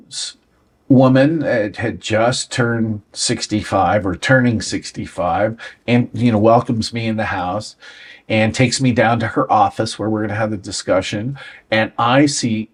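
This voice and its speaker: A man in his sixties, a guest on an interview show, tells stories from his career and acts out the dialogue. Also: fairly low pitch. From United States. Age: 60s. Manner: anecdotal, acts out quoted dialogue. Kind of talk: storytelling interview.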